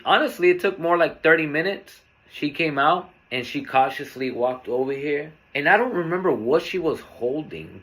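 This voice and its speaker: A man hosting a podcast, telling a personal story in a candid, earnest, unhurried way. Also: medium pitch, fairly bright tone. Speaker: podcast host.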